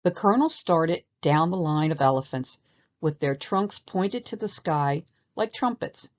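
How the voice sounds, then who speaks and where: Expressive woman reading a storybook aloud. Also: deep voice, unhurried, dull audio. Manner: expressive and animated. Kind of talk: storybook read-aloud narration.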